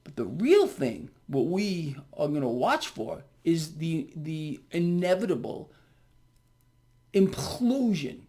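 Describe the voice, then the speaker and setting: A man's voice: on the high side, lively intonation, a little slow, hardly any pauses, darkish tone. Man, market commentator, emphatic, repetitive, talks straight to viewers. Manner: emphatic, repeats words, keeps asking viewers "okay?"; calls his audience "people". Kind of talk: direct-to-camera market commentary.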